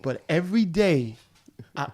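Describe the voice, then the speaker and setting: A man, a podcast guest telling stories in lively, slangy casual talk on a studio mic. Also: on the high side, measured pace. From Harlem, New York. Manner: animated storyteller, street slang, laughs often. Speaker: guest, actor. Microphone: studio dynamic mic.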